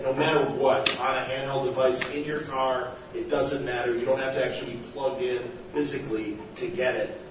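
A man's voice: mid-range voice, highs cut off, a little hiss or hum. Thoughtful rambling man, echoey hall. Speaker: podcast panelist. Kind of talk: panel discussion. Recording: distant roomy hall mic.

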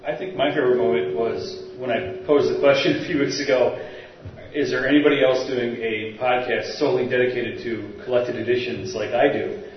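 A man's voice: medium pitch, steady tone, brisk, muffled recording. A man on a podcast panel, chatting and laughing easily, recorded from a distance in a convention room. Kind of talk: panel discussion. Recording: distant roomy hall mic.

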